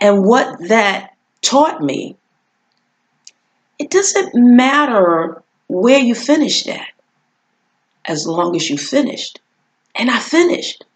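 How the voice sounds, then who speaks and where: A woman telling a personal story as a motivational speaker, earnest and encouraging, acting out voices along the way. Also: on the high side. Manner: animated, acts out voices in her story.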